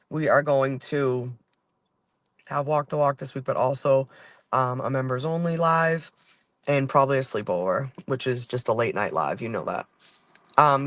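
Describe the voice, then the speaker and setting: A man's voice: mid-range voice, fairly bright tone, dry recording. A man from Boston talks to his viewers while driving around the city. His talk is loose and rambling, packed with fillers and swearing. The sound is from inside a car. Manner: rambling, profane, full of fillers. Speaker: channel host. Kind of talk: casual driving vlog chat.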